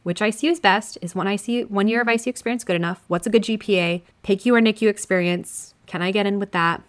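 A woman's voice: medium pitch, fast. Woman podcast host, scratchy shaky voice from a cough, upbeat and direct, coaching listeners. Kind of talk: casual advice podcast.

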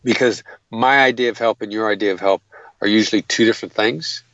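A man's voice: fairly low pitch, fairly even intonation, fairly quick, a bit bright, lo-fi sound. A man explaining negotiation tactics in an interview, earnest and methodical, often restarting his sentences. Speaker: guest, hostage negotiator.

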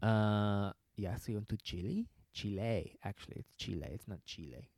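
A man's voice: fairly low pitch, a little fast, a little mellow, no room sound. A man hosting a podcast in casual chat, rambling and sarcastic, laughing often and mocking the people he quotes. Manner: mocking put-on quoted voices. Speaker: podcast host.

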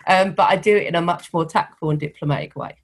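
A middle-aged woman with a softened London Cockney accent, talking candidly as an interview guest and telling stories with animation. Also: on the low side, quick pace. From East London, England. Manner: candid, animated storytelling with laughs. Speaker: guest, founder of a women's network. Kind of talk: conversational interview.

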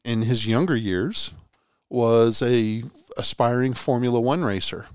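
A man's voice: medium pitch, measured pace, darkish tone, clean tone, no echo, clean studio sound. A man co-hosting a casual sports podcast, telling long rambling stories with many restarts. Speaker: podcast co-host.

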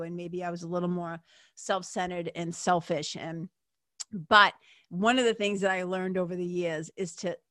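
A woman's voice, on the low side and a bit bright, comes through clean studio sound with no echo. As a show host, she tells a casual personal story aimed straight at her listeners, emphatic and chatty, peppered with "like" and "you know."

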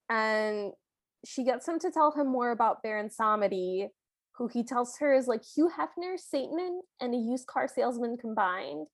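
A woman's voice: a little high, very animated, moderate pace, no echo. A woman co-hosting a podcast, retelling movie scenes in a chatty, amused way. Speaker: podcast co-host. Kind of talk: casual movie recap chat.

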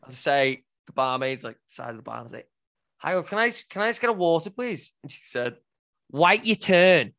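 A man's voice: mid-range voice, very animated, a little fast, gravelly, a bit bright. A man, a musician on a casual podcast, ranting through a story and swearing, checking in with "right?" often. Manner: ranting anecdote-teller who says "right?" often and swears a lot.

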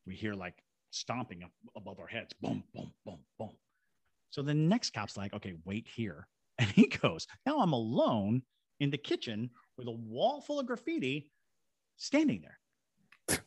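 A man's voice: medium pitch, a little slow, slightly rough, dry recording. A man from Savannah, Georgia, animatedly telling a story as a podcast guest and acting out other people's voices. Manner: animated, acts out quoted voices. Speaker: guest, paranormal investigator.

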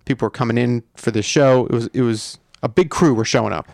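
A man's voice: medium pitch, fast, gravelly, a little mellow, no room sound, clean studio sound. A man telling a story in casual podcast chat, easygoing while he builds suspense.

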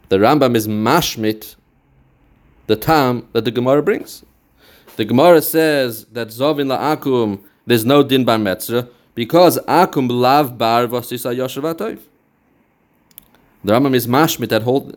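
A man teaching a Talmudic text, explaining it step by step and quoting passages in a study chant. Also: mid-range voice. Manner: mixes English with Yiddish and Hebrew terms. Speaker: Torah teacher.

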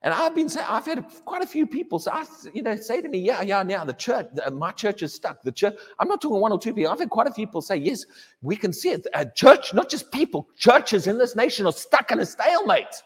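A man's voice: sing-song, fairly quick, slightly rough. A man preaching a sermon in a church, emphatic and given to repeating his words. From England. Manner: emphatic, repeats words, mocks a wailing believer in a high voice. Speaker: pastor. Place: church hall. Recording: long hall reverb.

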